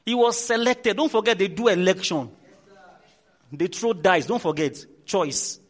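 A man with a Nigerian accent preaching as a pastor, telling stories with lots of energy and loud repeated calls. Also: high voice, measured pace. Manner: animated storytelling, shouting repeated commands. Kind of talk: sermon.

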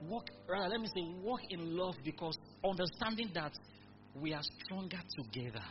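A man preaching a sermon in church, calling on the congregation to repeat his words. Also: fairly high pitch. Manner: emphatic call-and-response preaching. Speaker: pastor. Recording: dull recording with music behind. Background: music.

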